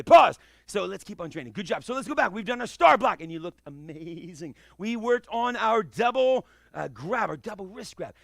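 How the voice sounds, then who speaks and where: A high-pitched, bright male karate instructor with a gravelly edge, coaching kids through drills. He swings up and down in pitch and bursts into loud kiai shouts as he demonstrates, recorded dry and close in an indoor studio. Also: no room sound. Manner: energetic and playful, shouting kiai yells while demonstrating. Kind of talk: leading a kids' karate class.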